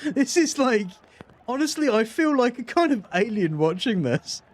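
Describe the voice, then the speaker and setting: A man's voice: extremely high pitch, sing-song, normal speed. A British man hosting a reaction video, giving casual commentary with wry, sarcastic asides. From Britain.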